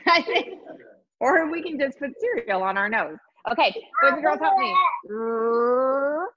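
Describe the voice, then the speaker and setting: A woman teaching a virtual lesson to young children, encouraging and sing-song, sounding out letters slowly. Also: high voice, expressive, fairly bright tone, muffled recording. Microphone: video call.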